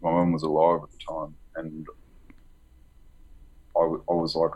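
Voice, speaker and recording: A man being interviewed about his book, telling a personal story in a halting, rambling way with many fillers and nervous laughs. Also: rumbling low, monotone, darkish tone, breathy edge, lo-fi sound. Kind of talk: candid conversational storytelling.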